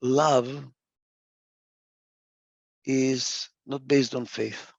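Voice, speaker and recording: Gravelly, emphatic man giving a talk. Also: medium pitch, little pitch movement, very slow, no room sound, muffled recording. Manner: emphatic, repeats key phrases for stress; gets lost for a word and restarts. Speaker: speaker. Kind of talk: reflective spoken talk.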